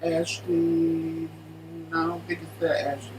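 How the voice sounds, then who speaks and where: A man's voice: fairly high pitch, level tone, measured pace, over music, rough recording. A man co-hosting a casual live stream at home, chatting and calling out viewers by name. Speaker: co-host of a live stream show. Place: home living room.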